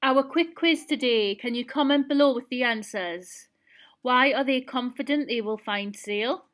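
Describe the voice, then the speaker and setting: A woman's voice: high-pitched, a little slow, a bit bright. A woman teacher reading a novel aloud to her pupils and setting quiz questions. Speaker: primary school teacher.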